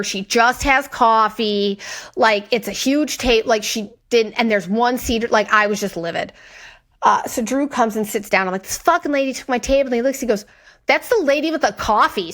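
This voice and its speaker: A young woman co-hosting a podcast, telling a story in casual chat, animated and profane, acting out other people's lines. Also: a little high. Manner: animated, swearing, acts out quoted voices. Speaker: podcast co-host.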